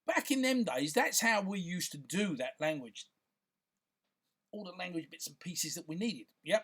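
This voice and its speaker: A man's voice: high-pitched, expressive, normal speed, fairly bright tone, husky. A man, a filmmaker talking casually to camera in a rambling, chatty way, full of fillers and restarts. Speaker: filmmaker and content creator.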